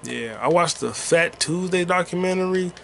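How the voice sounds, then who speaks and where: A man's voice: sits high, animated, normal speed, gravelly, fairly bright tone, a little hiss or hum. A man hosting a rambling solo podcast while gaming, talking loosely and profanely with sing-song asides. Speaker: podcast host.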